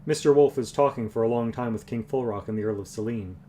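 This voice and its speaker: A man reads a fantasy novel aloud, in an even, unhurried voice of middle pitch. Now and then he restarts a phrase. A faint hum runs underneath his home livestream. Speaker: reader.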